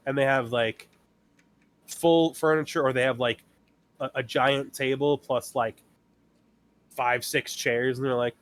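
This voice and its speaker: A man's voice: mid-range voice, steady tone, unhurried, pauses often, fairly bright tone, no echo. A man co-hosting a casual chat podcast, telling stories about difficult customers and acting out both sides of the exchanges. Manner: storytelling, acting out customers and himself. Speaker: podcast co-host.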